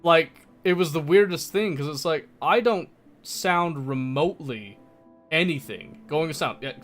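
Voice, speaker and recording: A man's voice: a little high, very animated, normal speed, a bit bright, faint music behind. Chatty streamer man with light laughs. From United States. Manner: chatty, laughs often, reads and answers chat. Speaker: livestreamer. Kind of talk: casual stream chat.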